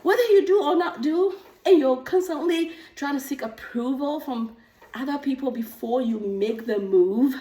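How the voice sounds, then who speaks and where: A woman with a high voice talks straight to the camera in a casual vlog. She tells her stories with lively energy and a slight breathlessness from pedaling an exercise bike. The sound is roomy and echoey, picked up from a mic set a little way off. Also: normal speed. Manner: animated storytelling, acts out quoted voices. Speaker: nurse practitioner and coach. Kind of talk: casual talking-head vlog. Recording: echoey room, mic at a distance.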